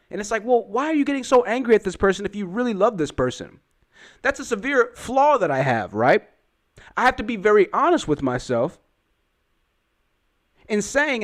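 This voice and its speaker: A man giving casual reaction-video commentary, rambling and repeating himself in a candid, confessional way. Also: sits high. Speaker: YouTube commentator.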